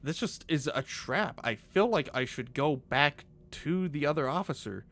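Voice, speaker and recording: A man commentating as he plays a horror game, jumpy and animated, swearing under his breath at scares. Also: a little high, moderate pace, slight background noise. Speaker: gaming YouTuber.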